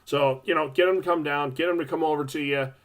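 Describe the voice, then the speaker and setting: A man with a slightly higher than usual voice gives blunt, practical referee advice. He keeps it conversational and gets straight to the point. There is nothing fancy in his delivery, just plain, steady talk. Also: quick pace. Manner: direct, practical, matter-of-fact. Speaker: podcast co-host, hockey referee. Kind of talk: casual advice chat.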